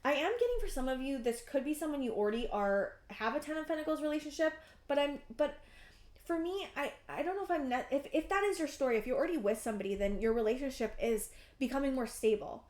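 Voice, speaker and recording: Woman, 30s, tarot reader: gushing and effusive, somewhat high voice, roomy sound. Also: fast talker. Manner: excitable and effusive, lots of restarts and "I'm getting". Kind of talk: pick-a-card tarot reading to camera.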